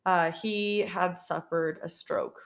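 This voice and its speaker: A woman's voice: on the low side, steady tone, takes it slowly, creaky. A young woman co-hosts a casual podcast, retelling a film's plot in a rambling, giggly way. She laughs often and drops the odd curse word, keeping the chat loose and informal. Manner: giggly, rambling, sprinkled with swearing. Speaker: podcast co-host. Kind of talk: casual chat recapping a film.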